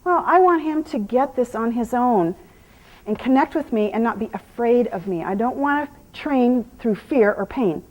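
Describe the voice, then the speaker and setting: A woman with a fairly high voice teaches a horse clinic outdoors, walking viewers through each step of the groundwork in plain, practical words. She talks to the horse in soothing, encouraging tones between her explanations. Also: expressive, normal speed, darkish tone, poor audio. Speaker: horse trainer. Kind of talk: instructional clinic talk while working a horse.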